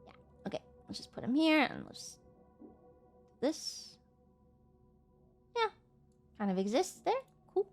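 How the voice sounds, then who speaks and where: A young woman streamer with a high-pitched voice, chatting casually and swearing often. She keeps snapping back at her chat in exasperated bursts, then settles down again. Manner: profane, exasperated outbursts at chat.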